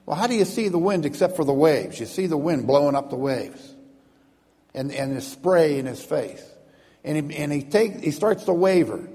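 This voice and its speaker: A man's voice: a little high, dark tone. A man preaching a sermon as a pastor, telling stories and acting out the voices of the people in them. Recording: long hall reverb.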